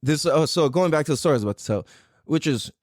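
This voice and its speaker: Lively, swearing man podcast host. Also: fairly high pitch, fast, dry recording, studio quality. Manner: loose and profane, full of "like" and "dude"; animated, reenacting his own past reactions. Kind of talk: casual personal storytelling.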